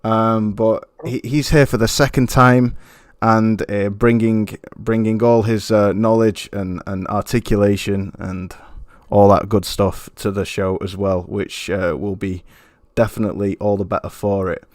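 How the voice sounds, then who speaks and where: A man's voice: fairly low pitch, steady tone, a little slow, no room sound, clean studio sound. A man hosting a gaming podcast, hyped and slangy, with plenty of fillers. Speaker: podcast host. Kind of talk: casual podcast intro.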